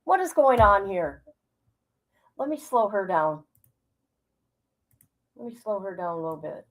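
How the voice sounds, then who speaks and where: Woman streamer reacting to a clip, blunt and sarcastic, keeps swearing, normal pitch. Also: animated, measured pace, low-quality recording. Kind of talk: reaction commentary over a video.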